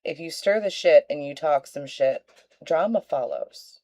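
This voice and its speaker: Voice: mid-range voice, expressive, a little slow, darkish tone, no room sound. A commentator reacting frankly and bluntly to a stream clip, with some swearing.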